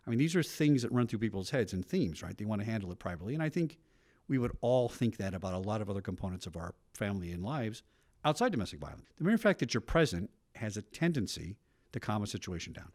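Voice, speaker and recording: A middle-aged man, a retired police officer, telling stories in a documentary interview with brisk asides. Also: lowish voice, big pitch swings, a little mellow, no echo, studio quality. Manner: brisk storytelling with frequent asides.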